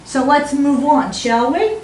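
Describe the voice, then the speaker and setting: A joking Australian-sounding teacher, as a woman puts her on, with a high voice that keeps tossing in "mate" while working through an equation. The sound is roomy and distant. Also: lively intonation, takes it slowly, a little mellow, a little hiss or hum. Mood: jokey. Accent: Australian, put on. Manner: jokey, calls students "mate". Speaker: math teacher. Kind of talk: math lesson in a put-on accent.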